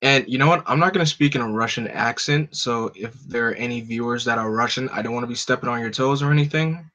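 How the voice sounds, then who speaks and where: A man's voice: medium pitch, fast talker, sharp tone, lo-fi sound. A man reading a comic book aloud, chatting casually between lines with fillers and self-corrections. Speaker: reader of a live read. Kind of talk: casual asides during a comic live read.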